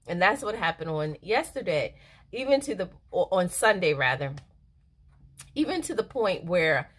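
Bright middle-aged woman, slightly low, chats through a devotional reading, earnest and quick to laugh. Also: sing-song, breathy edge. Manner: earnest, emotional, laughs easily, many fillers. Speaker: devotional speaker. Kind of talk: casual devotional reading and reflection.

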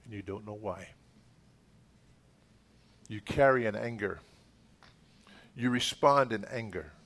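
A middle-aged man, a pastor, leading a charismatic healing prayer at a church service, fervent and commanding, swinging from loud shouted rebukes to hushed murmurs. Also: on the low side, slow pace. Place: church sanctuary.

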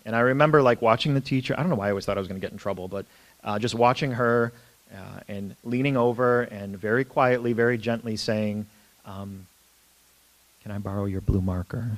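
A man's voice: medium pitch, fast. A middle-aged man, a priest, telling humorous self-deprecating childhood stories in an easygoing talk full of fillers. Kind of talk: storytelling talk.

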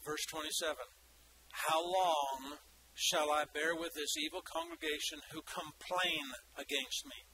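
A man's voice: fairly high pitch, animated, a little slow, sharp tone, a little hiss or hum, rough recording. A man preaching a sermon as pastor, reading Bible passages aloud with emphatic repetition and asides to the congregation.

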